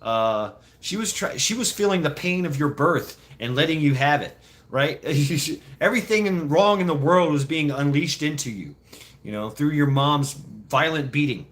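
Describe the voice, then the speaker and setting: A man's voice: a little high, lively intonation, moderate pace, fairly bright tone. A man telling childhood stories casually to a live chat, laughing often and swearing freely. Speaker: streamer.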